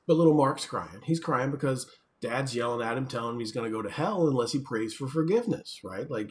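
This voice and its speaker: A man lecturing to a class in an easygoing, conversational way. His voice sits at a middle pitch, and he keeps checking in with his listeners. He slips into little acted-out voices to illustrate his points. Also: moderate pace. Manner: conversational, frequent "right?" checks, acts out quoted voices. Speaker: professor. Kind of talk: recorded university lecture.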